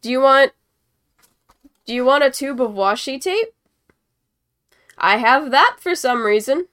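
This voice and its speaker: A woman's voice: sits high, animated, a little slow, fairly bright tone, smooth. A young woman hosting a casual live-stream hockey chat, rambling and giggly while she paints as she talks. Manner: rambling, giggly, self-deprecating. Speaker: host.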